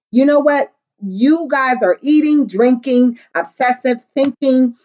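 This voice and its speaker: A woman's voice: high-pitched, slow, a little mellow, dull audio. A middle-aged woman giving a casual tarot reading, brash and profane, clowning around with silly voices and bits of song. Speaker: tarot reader.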